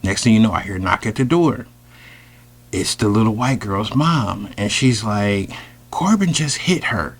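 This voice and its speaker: A man telling a personal story in a casual, animated, slangy way, with sudden loud outbursts. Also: fairly low pitch, moderate pace. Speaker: storyteller host.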